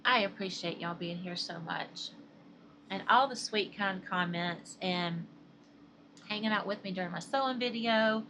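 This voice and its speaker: A woman's voice: medium pitch, a little slow, pushed and bright, slight background noise. A middle-aged woman with a Southern American accent, chatting casually and rambling to her viewers in a crochet vlog, laughing often. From Southern United States. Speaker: crochet vlogger.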